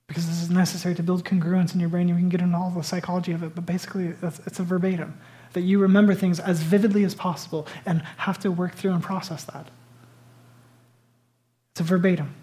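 A pastor preaches a sermon, retelling stories dramatically and swinging between loud bursts and hushed whispers. His voice is high-pitched, his tone level, and he speaks quickly.

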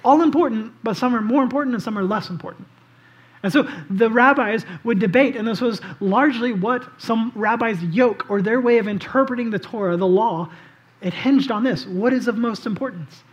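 A man preaching a casual, conversational sermon as pastor. He tells the story in an animated way and often says "like" and "um". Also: very high-pitched, moderate pace, lo-fi sound. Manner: animated storytelling, acts out quoted voices; casual, with frequent "like" and "um".

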